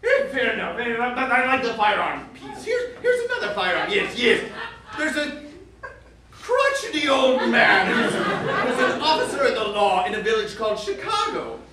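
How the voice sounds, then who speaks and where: A man acting out an excitable Victorian author who pitches one odd story after another, his voice very high and swooping. He rambles, keeps repeating "yes, yes" and bursts into theatrical shouts, heard from a distance in an echoey theater with audience laughter. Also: normal speed, a crowd in the background, full character voice. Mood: eager. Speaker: sketch comedy actor. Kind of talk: live stage sketch comedy. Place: theater stage with live audience.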